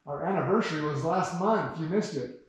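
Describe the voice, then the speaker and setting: A man's voice: a little high, fairly quick, lightly acted. A man reading the lines of a put-upon older wife in a dry, matter-of-fact way. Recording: very echoey room heard from far off.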